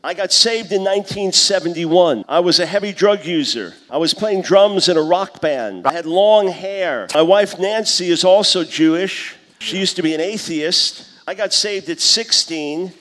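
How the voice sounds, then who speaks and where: A man in his fifties giving a conference lecture on scripture, teaching in a lively way and acting out the voices he quotes. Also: high voice, moderate pace, few pauses. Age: 50s. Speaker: conference speaker. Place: conference hall. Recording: long hall reverb.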